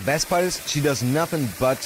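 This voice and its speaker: A man's voice: a little high, moderate pace, noisy background. A man livestreaming, reacting to videos with joking, profane live commentary.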